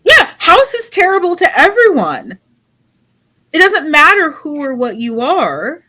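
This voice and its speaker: A woman co-hosting a podcast in casual chat, with a wry, deadpan teasing manner. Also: high voice, a little slow. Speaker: podcast co-host.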